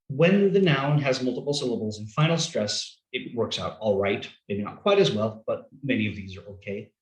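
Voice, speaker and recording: A man's voice: fairly low pitch, echoey room, poor audio. A man presenting a short recorded poster talk, explaining his points by listing example words one after another. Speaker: conference presenter.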